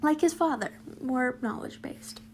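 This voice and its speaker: A woman's voice: high-pitched, moderate pace, a little hiss or hum. A young woman reading her fanfiction aloud, breaking off into rambling, giggly, self-deprecating chat and whispered asides. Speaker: fanfiction reader and vlogger. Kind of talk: casual story reading with chatty asides.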